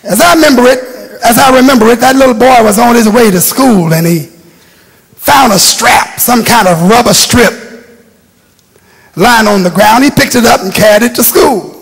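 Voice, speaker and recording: An older man preaching a sermon, high-pitched and husky, taking his time and repeating phrases for emphasis. He tells his stories slowly. His voice rings through a long, echoing church hall. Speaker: bishop preaching.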